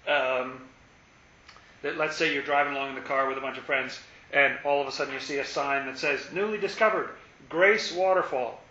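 A man giving a reflective Bible talk, musing and turning forceful and emphatic, in an echoey, dull lo-fi recording. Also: mid-range voice, flat delivery, brisk. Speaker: Bible teacher.

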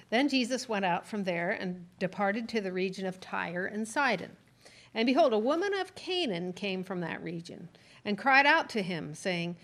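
A woman reading Bible verses aloud in a steady, measured way during a Bible study. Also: mid-range voice. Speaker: scripture reader.

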